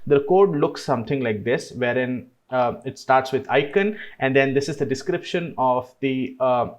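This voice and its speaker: A man hosting a screen-recorded software tutorial, explaining each step in a relaxed way with frequent "uh"s. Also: medium pitch, moderate pace. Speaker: tutorial host.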